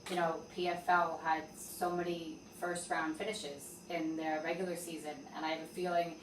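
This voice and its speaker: A woman with a low-sitting voice talks at a normal speed, hosting a casual podcast where she interviews guests and tells stories with energy and plenty of swearing. The recording sounds roomy and distant, with faint noise in the background.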